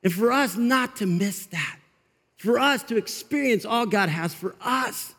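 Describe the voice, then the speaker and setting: A male pastor preaching an energetic, conversational sermon in a church, with quick asides to the congregation. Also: sits high, husky, in a large hall. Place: church sanctuary.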